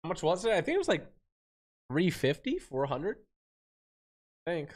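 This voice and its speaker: Excitable young-sounding gaming streamer, slangy. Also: male voice, on the high side, moderate pace. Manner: loud hype outbursts, slangy and excitable, reads donations aloud. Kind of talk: live-stream chat while gaming.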